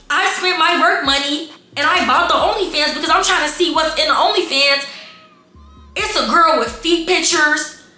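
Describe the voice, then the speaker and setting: A woman telling a storytime vlog to her viewers, animated and exasperated, calling them y'all. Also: very high-pitched. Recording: echoey room with faint background music.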